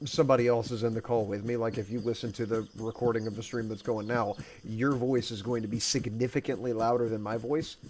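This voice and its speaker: A man's voice: mid-range voice, fairly even intonation, brisk, few pauses, a little mellow, slight background noise. A young man streaming a survival game, chatting casually with a friend in a rambling, joking way. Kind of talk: casual gaming chat.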